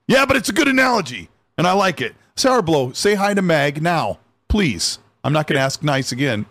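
A man's voice: fairly high pitch, big pitch swings, moderate pace, fairly bright tone, dry recording. A man co-hosting a casual gaming news podcast, joking around and reading out viewer donations. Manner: jokey, reads chat donations aloud. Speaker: podcast co-host.

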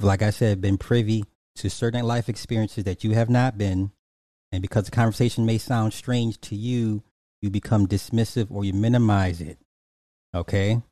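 A man's voice: on the low side, dark tone, dry recording. A man giving casual reaction commentary on a clip, emphatic and repetitive, with lots of fillers and restarts. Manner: emphatic, repeats points, many fillers and restarts.

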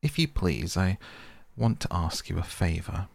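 A man's voice: deep voice, animated, a little slow, vocal fry, no room sound, heavily acted. A man voicing a small, earnest male mole who speaks cautiously and soothingly in a storybook reading. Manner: cautious, soothing, eager to please.

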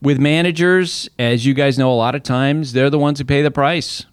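A man's voice: medium pitch, steady tone, moderate pace, smooth, no echo, studio quality. A man talking baseball as an analyst on a casual podcast, telling stories conversationally, with restarts and laughs.

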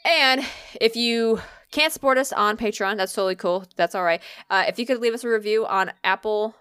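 A woman hosts a casual podcast with a fairly high voice and recounts stories with lots of swearing. She jumps up into high, dramatic tones whenever she quotes herself. The recording is dry and close with no room sound. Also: fairly quick, smooth, dry recording. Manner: animated storyteller, swears freely, acts out quoted lines in a high voice. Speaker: podcast host. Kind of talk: casual chat.

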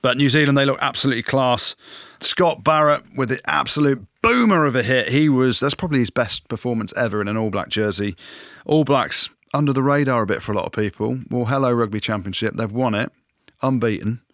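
A man co-hosting a rugby podcast, talking in lively, jokey banter and handing out punchy verdicts. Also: medium pitch, a little fast, no echo, studio quality. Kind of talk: casual sports banter.

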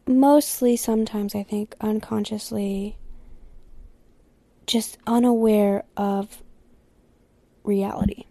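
A woman's voice: medium pitch, fairly even intonation, slow, vocal fry, pauses often, dark tone, dry recording. A young woman hosting a solo podcast, talking candidly and rambling, swearing freely and sometimes dropping to a whisper. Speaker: podcast host. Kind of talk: casual solo podcast chat.

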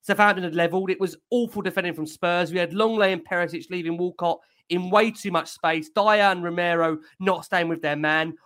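High-voiced man hosting a fan podcast. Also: steady tone, brisk, hardly any pauses, fairly bright tone. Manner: conversational, steering, slightly hesitant. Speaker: podcast host. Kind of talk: podcast hosting and match review.

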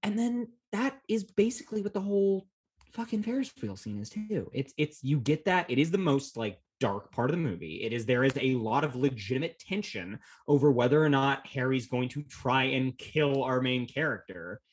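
A man's voice: medium pitch, lively intonation, moderate pace. A man co-hosting a podcast, talking through a film in a rambling, jokey way and swearing often. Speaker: podcast co-host. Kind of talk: casual film discussion.

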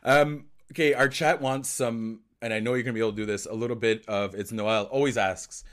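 A man whose first language is French, hosting a hockey podcast in casual chat, excitable with quick asides. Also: medium pitch, smooth. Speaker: host.

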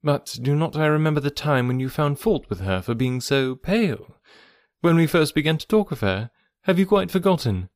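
A man reading the part of a witty, arch young gentlewoman in a storybook, lightly teasing. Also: medium pitch, expressive, moderate pace, hardly any pauses, dry recording, studio quality, close to an everyday voice.

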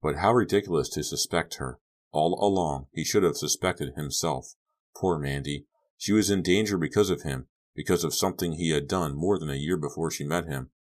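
A man narrating a horror audiobook in a measured, suspenseful way. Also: extremely low pitch.

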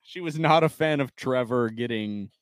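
A man co-hosting a casual sports podcast, reading game stats in a steady recap and joking with his co-host. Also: medium pitch, no room sound, studio quality. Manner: reads box-score stats in a steady, measured recap.

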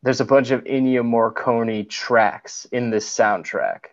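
A man's voice: mid-range voice, steady tone, a little slow. Rambling young man on a dull, lo-fi podcast line. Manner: rambling recap, many "like"s. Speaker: podcast co-host. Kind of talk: casual film chat.

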